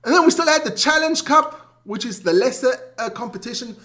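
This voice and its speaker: A man co-hosting a sports chat show from South Africa, loud and jokey, swearing and greeting his chat viewers. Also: very high voice, animated, brisk.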